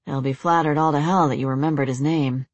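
A woman doing a soft-spoken wry young man. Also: fairly even intonation, brisk, dry recording. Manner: low, soft, murmured.

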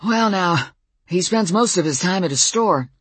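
A woman voicing a gruff, skinny old man with a sly, folksy drawl in an audiobook. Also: on the low side, expressive, unhurried, no echo, voice pushed up. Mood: teasing.

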